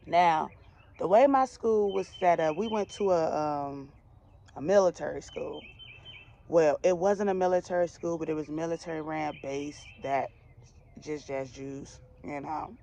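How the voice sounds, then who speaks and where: A woman's voice: fairly low pitch, unhurried, dark tone, a little hiss or hum. A young woman from the DMV area telling a personal storytime to her viewers in a chatty, slangy way with laughing asides. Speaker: vlogger. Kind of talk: casual storytime.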